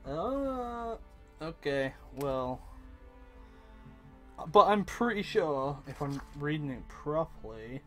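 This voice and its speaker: A young man narrating as game master of a tabletop game, hesitant and full of pauses while he checks the rules. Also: fairly high pitch, sing-song, faint music behind.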